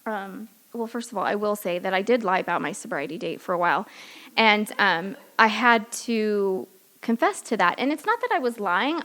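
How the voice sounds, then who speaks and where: At a recovery meeting, a woman from San Diego, California shares her personal story candidly, in a loose, chatty way full of fillers, often laughing at herself. Her voice is medium-pitched with a fairly bright tone.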